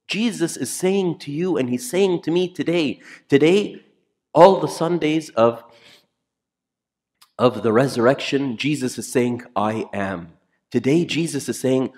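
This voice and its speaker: Priest preaching with repeated emphasis. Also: male voice, mid-range voice. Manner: emphatic, repeats key phrases, drops to a near whisper for quiet lines. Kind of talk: sermon. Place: church.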